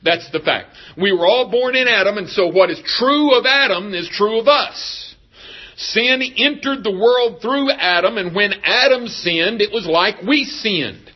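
High-voiced man preaching a sermon. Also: expressive, measured pace, lo-fi sound. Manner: emphatic preaching, rhetorical questions to the congregation. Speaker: pastor.

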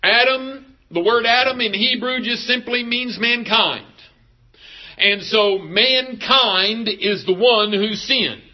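A pastor preaching a sermon, emphatic and asking the congregation rhetorical questions. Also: male voice, very high voice, slow, lo-fi sound.

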